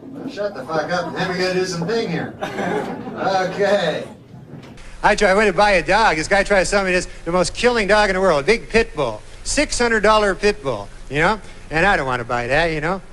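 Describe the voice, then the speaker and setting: A man doing a stand-up routine on a comedy club stage, with a drawling deadpan delivery and many "you know?" asides. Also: sits high, normal speed. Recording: live club recording with loud crowd and noise.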